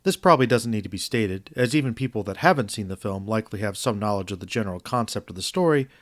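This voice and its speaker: A man narrating a scripted film review video essay in an earnest, measured, reflective way. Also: on the low side, expressive, no room sound.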